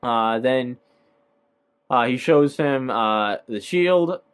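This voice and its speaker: A man's voice: medium pitch, lively intonation, extremely slow, clean tone. A man casually recapping a movie, rambling with lots of fillers and hesitations. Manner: rambling, filler-heavy, laughs at own points.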